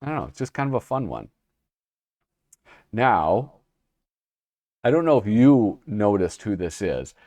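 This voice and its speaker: A man's voice: lowish voice, big pitch swings, a little slow, long pauses, darkish tone. A man hosting a casual talk show, chatting and laughing at himself as he flips through an old magazine and reads bits aloud. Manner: chatty, laughing at himself, mock-dramatic reading. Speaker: podcast host reviewing old magazines. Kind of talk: casual commentary and reading aloud.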